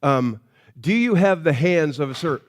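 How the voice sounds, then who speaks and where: A man's voice: on the high side, expressive, normal speed. A male pastor preaching a sermon in a church. He talks in a conversational, story-telling way and often restarts his sentences.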